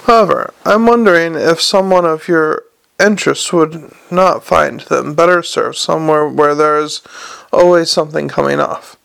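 Storybook con man: male reader playing a persuasive smooth talker, gravelly edge. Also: on the high side, moderate pace, fairly bright tone. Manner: glib and self-assured.

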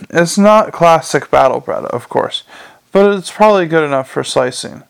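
A man's voice: a little high, expressive, measured pace, vocal fry, smooth, rough recording. A man voicing an earnest, polite young male watch captain in an audiobook, patient, courteous and mild.

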